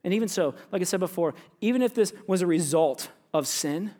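A man's voice: high voice, a little fast. A pastor preaching a sermon, speaking straight to his congregation and slipping into the voices of the people in his story. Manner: animated, addresses congregation directly, acts out biblical characters.

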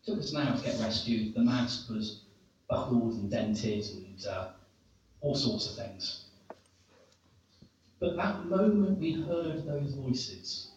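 A middle-aged man from England preaching in a very echoey church hall. He tells his story slowly, with self-mocking humor. He stands well back from a dull-sounding microphone. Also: medium pitch, darkish tone, recorded from a distance, slight background noise. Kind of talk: sermon.

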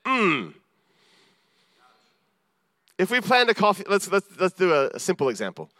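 High-voiced man preaching a sermon. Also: wildly swooping pitch, a little slow, sharp tone, no room sound, studio quality. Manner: earnest, self-deprecating, acts out quoted voices.

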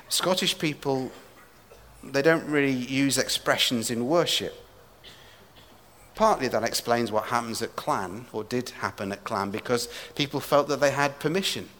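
A man from England preaching a sermon with humor and animated asides, recorded in a large church hall. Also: mid-range voice. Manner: humorous, animated storytelling with quips. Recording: echoey hall reverb.

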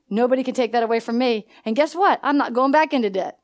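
A woman's voice: sits high, lively intonation, quick pace, hardly any pauses. A woman pastor preaching a sermon at a conference, asking the congregation to finish her sentences and telling personal stories. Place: church hall.

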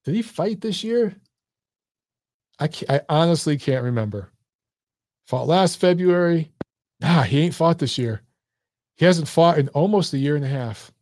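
Blunt, profane male host, a touch high-pitched, voice going hoarse, dead-dry close mic. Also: expressive, a little slow, long pauses, darkish tone, no room sound. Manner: blunt, profane, talks straight to viewers. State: losing his voice. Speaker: boxing show host. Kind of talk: casual live-stream chat.

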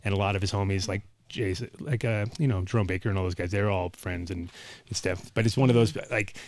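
A man's voice: low-pitched, fast talker, dry recording. Rambling, profane man telling a story. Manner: rambling, animated, profane storyteller, acts out quotes. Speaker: podcast host. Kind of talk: casual storytelling chat.

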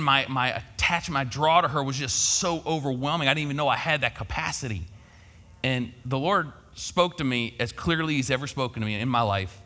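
A man's voice: medium pitch, sharp tone, long reverb tail. A man preaching a sermon, telling a personal story in a folksy, conversational way. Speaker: pastor.

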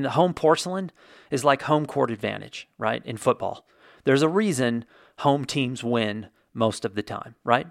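Gravelly man telling casual stories. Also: medium pitch, dry recording, clean studio sound. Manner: chatty, jokey, tells anecdotes with acted-out quotes. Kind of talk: casual storytelling monologue.

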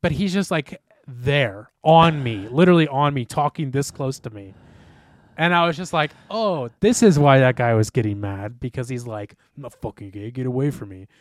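A man's voice: medium pitch, expressive, normal speed, dry recording, clean studio sound. A young man co-hosting a podcast, telling a casual, rambling story full of "like" and swearing. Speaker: podcast co-host.

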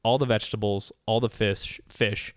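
A man hosts a casual podcast conversation and explains things at an easy, steady pace. His voice is smooth and resonant. The sound is dry and close, with no room around it. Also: on the low side, moderate pace, dry recording. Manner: relaxed, steady explainer with fillers. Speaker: host explaining nutrition.

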